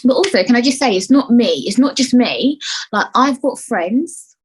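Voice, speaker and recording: A woman's voice: a little high, expressive, moderate pace, slightly rough, low-quality recording. A young woman hosting a solo podcast, chatting animatedly, swearing freely and slipping in and out of put-on voices. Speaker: podcast host. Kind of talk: casual solo podcast chat.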